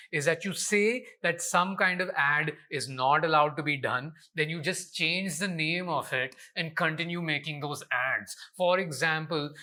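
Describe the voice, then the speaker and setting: A man's voice: fairly high pitch, pushed and bright. A young Indian man, a comedian hosting his show, delivering a scripted commentary rant with exasperated sarcasm.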